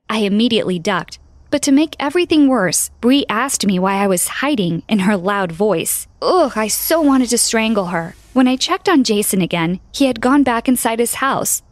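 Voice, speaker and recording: A young adult woman narrating an animated story in the first person, in a sarcastic, expressive teen-girl manner. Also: fairly high pitch.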